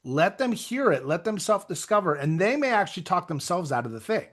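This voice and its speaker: A man coaching real estate agents in an energetic, conversational motivational talk with self-deprecating asides. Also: sits high, fairly quick.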